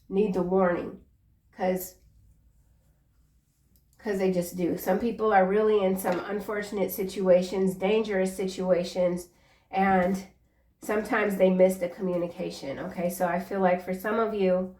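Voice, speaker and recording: A woman's voice: medium pitch, a little mellow, far from the mic, slight background noise. Chatty woman tarot reader, roomy echo. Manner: chatty, earnest, encouraging, drifts into personal asides. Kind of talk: casual tarot reading monologue.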